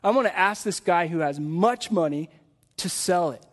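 Brief: male pastor, high voice, earnest sermon delivery, keeps asking the room questions. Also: expressive, normal speed. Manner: earnest, repeats rhetorical questions to the congregation. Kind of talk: live sermon. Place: church in front of a congregation.

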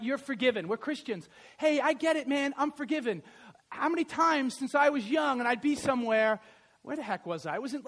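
High-voiced preacher who shouts and drops low. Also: male voice. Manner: swings from shouting emphasis to soft asides; conversational, with fillers and self-corrections. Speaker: pastor. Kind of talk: sermon.

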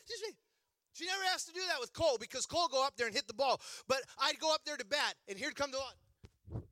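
Man, forties, from chicago area, preacher, animated humorous storytelling, dry close sound. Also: very high-pitched, a little fast, no echo. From Chicago area, USA. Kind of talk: storytelling sermon.

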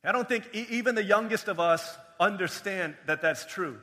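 A young man preaches in a church sanctuary, his bright, forceful voice ringing with a long hall reverb. He moves from raised, emphatic appeals to hushed, low storytelling. His voice sits a touch high for a man. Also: moderate pace. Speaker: pastor. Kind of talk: sermon.

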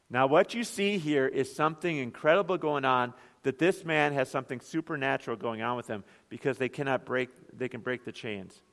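A man's voice: a little high, a bit bright. A man, a pastor, preaching an earnest sermon full of rhetorical questions. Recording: long hall reverb.

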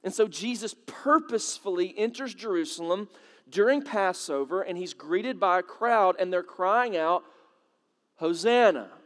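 Expressive and speaking at a normal speed, a pastor with a high, fairly bright voice delivers a sermon to his congregation. His talk is relaxed and conversational, with questions and dramatic high points, and the hall gives it a long echo.

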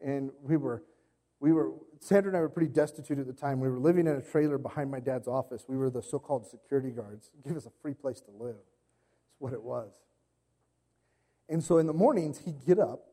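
A man's voice: mid-range voice, warm tone. A man in his thirties, a pastor giving a sermon, telling stories in a casual, conversational way with playful impressions.

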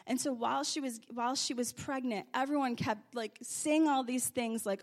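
A woman preaching a sermon, telling stories and testimony, moving from hushed confession to loud praise. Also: high voice, brisk, hardly any pauses. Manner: animated, swings from hushed confession to loud exclamations.

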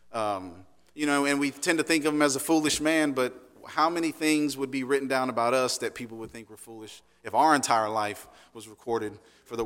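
A man's voice: mid-range voice, fairly bright tone, long reverb tail. A man preaching a sermon in a conversational way, often checking in with "right?" and restarting phrases. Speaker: pastor.

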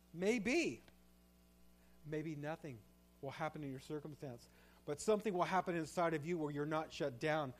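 Male pastor, slightly higher voice, preaching with fervent swings from hushed to loud. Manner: shifts from quiet reflective to loud impassioned pleading. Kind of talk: sermon.

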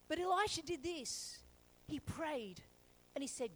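A woman pastor preaching a sermon, telling a story lively and acting out the characters. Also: high-pitched, normal speed, poor audio.

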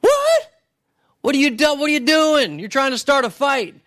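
A man's voice: extremely high pitch, huge pitch swings, normal speed, fairly bright tone, pitched above the performer's own voice, heavily acted. A man voicing an alarmed, flustered king reacting in exasperated shock during a retold scripture story.

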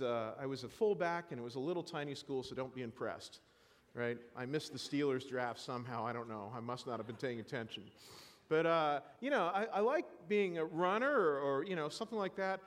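A man preaching a sermon in church, animated and self-deprecating, joking with the congregation. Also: a little high, long reverb tail. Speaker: pastor.

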